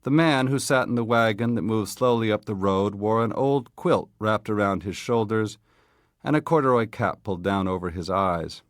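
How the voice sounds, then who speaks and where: A man with a fairly low voice reads a literary short story in a steady, measured way. The sound is close and dry, with no room around it. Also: no room sound. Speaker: audiobook reader.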